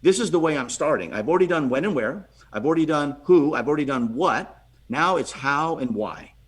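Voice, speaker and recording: Husky man telling an animated story. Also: a little high, brisk. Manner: lively, acts out quotes, repeats words. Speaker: podcast guest.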